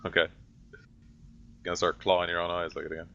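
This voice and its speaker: A man runs a tabletop game as game master, narrating with many fillers. His voice is very low and gravelly. The audio is dull and lo-fi. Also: completely flat delivery, fairly quick, bright, forceful tone, slight background noise.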